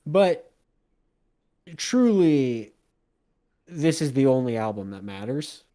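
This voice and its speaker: A young man co-hosting a music podcast, playful and excitable, laughing often in casual chat. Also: mid-range voice, takes it slowly. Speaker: podcast co-host.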